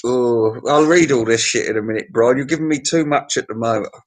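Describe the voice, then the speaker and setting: A man's voice: mid-range voice, fairly quick. A man giving a casual, unscripted album review, blunt and crude, swearing often and laughing at his own jokes.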